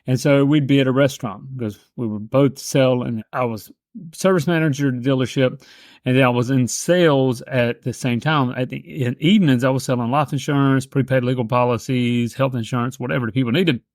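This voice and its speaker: Middle-aged male sales coach, casual and animated storyteller, dry close sound. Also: medium pitch, a little fast, no echo. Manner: animated, shifts into quoted voices.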